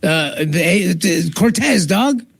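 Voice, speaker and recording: A man in casual podcast banter with a notably high voice. The sound is dry and close. He keeps needling the others with playful jabs. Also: animated, slow pace, gravelly, husky, no room sound. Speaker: podcast co-host.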